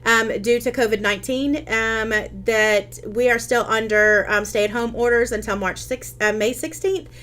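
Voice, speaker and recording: A chatty woman with a slightly high voice hosts a casual craft tutorial streamed live. She talks her viewers through each step and answers their comments as they come in, filling the gaps with ums and quick restarts. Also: steady tone, a bit bright.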